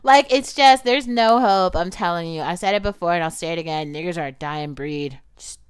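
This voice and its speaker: A young woman talks through a film in a casual, animated way, leaning on "like" and swearing freely. Her voice sits a little low for a woman and comes through very clean and resonant. The sound is dry and close, with no room around it. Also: fairly quick, clear, resonant tone, no room sound. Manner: animated and outspoken, heavy use of "like", swears. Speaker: commentator reviewing a film.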